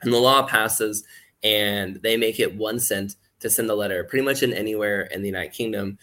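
A man's voice: fairly low pitch, moderate pace, bright, forceful tone. A man chatting as a podcast guest, rambling with lots of "like" fillers and acting out quoted voices as he explains. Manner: rambling, heavy use of "like" fillers. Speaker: guest speaker. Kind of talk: casual podcast chat.

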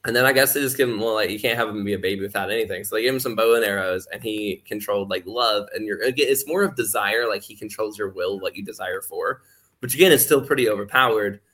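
A man's voice: on the low side, fast talker, sharp tone. A man chatting as a podcast guest, rambling with lots of "like" fillers and acting out quoted voices as he explains. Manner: rambling, heavy use of "like" fillers. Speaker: guest speaker. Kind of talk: casual podcast chat.

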